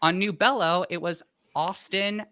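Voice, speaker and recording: A man co-hosting a podcast, talking in animated bursts in casual discussion. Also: high-pitched, measured pace, no room sound. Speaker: podcast co-host.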